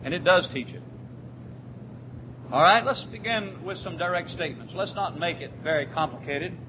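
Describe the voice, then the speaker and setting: A man preaching a sermon, who repeats his key words for emphasis and slows down when quoting scripture. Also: high voice, highs cut off, noisy background. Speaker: pastor.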